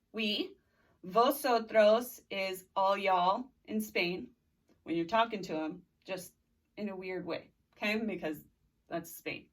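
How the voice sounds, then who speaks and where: A woman in her thirties teaching Spanish drills vocabulary in a recorded video lesson, prompting students to say the words after her. Her mid-range voice has a fairly bright tone and sounds far from the mic.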